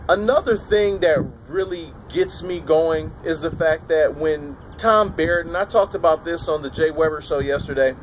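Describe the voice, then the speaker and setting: A man with a somewhat high voice delivers opinionated political commentary, stressing and repeating his points. He is recorded outdoors on a city street on a camera mic. Gusts of wind and passing cars sit clearly under his voice. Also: poor audio. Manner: emphatic, repetitive phrasing. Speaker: political vlogger. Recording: wind and traffic noise outdoors.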